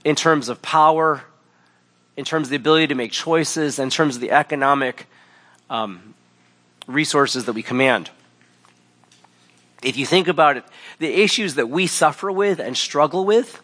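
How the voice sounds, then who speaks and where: A man's voice: a little high, a bit bright. A pastor in his thirties giving a sermon in a conversational, wry storytelling way.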